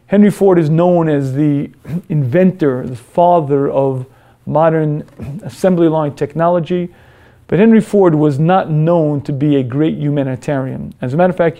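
A man teaching a moral lecture in an earnest, storytelling way, often clearing his throat. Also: a little high, dark tone.

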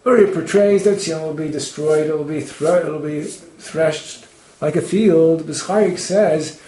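A man's voice: on the high side, unhurried, dark tone, roomy sound, low-quality recording. A man giving a Torah lecture, quoting Hebrew texts and translating them as he explains. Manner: expounds texts, quotes Hebrew then translates. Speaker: Torah teacher.

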